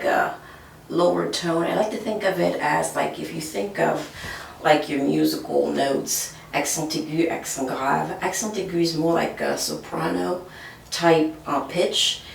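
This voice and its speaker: A woman's voice: sits low, vocal fry, a little hiss or hum. A woman teaching French pronunciation, explaining patiently and often checking in with "okay?". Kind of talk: whiteboard language lesson. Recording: echoey room from far off.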